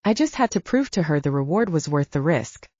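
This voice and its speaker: Woman narrating an audiobook, low and mellow. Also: brisk, no echo. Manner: first-person, steady reading. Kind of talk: scripted narration. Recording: dry, dull lo-fi sound.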